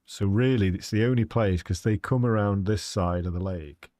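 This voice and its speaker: A man's voice: fairly low pitch, moderate pace, warm tone, dry recording, studio quality. A man giving chatty, rambling live commentary as he plays a hunting game and talks to his chat. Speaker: game streamer.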